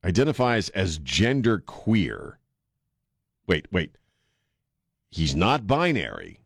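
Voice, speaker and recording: A sarcastic male talk radio host with a lowish voice and a wry, mocking delivery. He sounds dry and close to the studio mic, with no room sound, riffing loosely between jokes and comments. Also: huge pitch swings, takes it slowly, gravelly, fairly bright tone, slightly rough, no echo. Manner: sarcastic, mocking, joking asides. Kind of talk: casual talk radio monologue.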